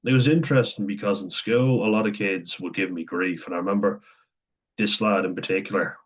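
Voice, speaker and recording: Low husky man speaking bluntly. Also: fairly quick. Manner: frank and profane, conversational. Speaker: vlogger. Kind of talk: candid personal monologue. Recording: dull lo-fi sound.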